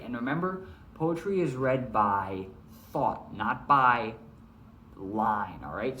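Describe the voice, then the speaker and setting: A man's voice: mid-range voice, reverberant, slight background noise. A male teacher reading a poem aloud and then explaining how to read poetry, checking in often with "all right?". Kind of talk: recorded classroom lesson, reading poetry aloud.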